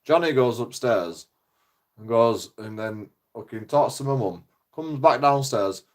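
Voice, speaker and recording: A man's voice: mid-range voice, animated, a little slow. A man, ranting casually in a rambling, foul-mouthed way. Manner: rambling, heavy swearing. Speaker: vlogger. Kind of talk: casual rant.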